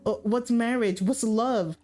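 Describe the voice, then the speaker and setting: A woman's voice: measured pace, warm tone, faint music behind. Woman doing a baffled little boy. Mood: confused. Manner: high, questioning, baffled. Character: bewildered six-year-old boy, clueless.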